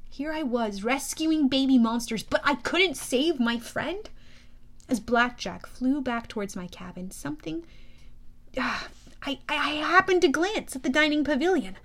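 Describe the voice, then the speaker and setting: A woman with a high voice narrates a first-person audiobook at a slightly slow pace. Her telling is lively and expressive, brimming with youthful energy.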